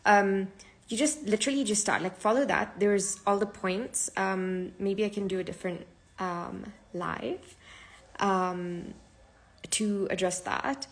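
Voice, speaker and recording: A woman's voice: medium pitch, fairly even intonation, slow. A sleep-deprived woman hosting her podcast from a live stream, talking casually and chattily with plenty of fillers. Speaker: podcast host.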